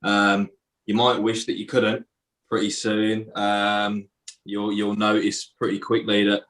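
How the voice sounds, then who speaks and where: A man in his late twenties with a Birmingham accent, doing a stand-up set in a flat, deadpan, bleak-sounding voice. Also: lowish voice, takes it slowly. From England. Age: late 20s. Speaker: stand-up comedian. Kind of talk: stand-up set on a video call.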